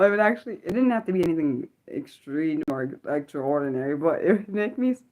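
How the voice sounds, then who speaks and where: A woman in her thirties chats on a casual livestream, her voice sitting a little low. She rambles from one topic to the next and sometimes loses her train of thought. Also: lively intonation, fairly quick, few pauses, darkish tone. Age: 30s. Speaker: livestream host. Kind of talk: casual unscripted livestream chat.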